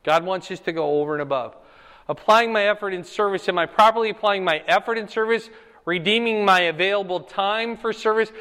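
A man's voice: sits high, fairly bright tone. A man teaching a Bible lesson as a pastor, emphatic and often checking in with "okay?" and "right?". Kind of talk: sermon-style Bible teaching. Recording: echoey hall with long reverb.

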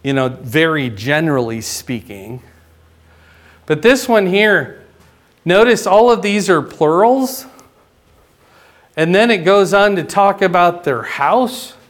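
A male pastor teaching a sermon in a conversational way, often checking in with "right?" and "okay?", his voice climbing higher and louder to stress a point. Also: slow pace, long pauses. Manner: rises in pitch and volume for emphasis.

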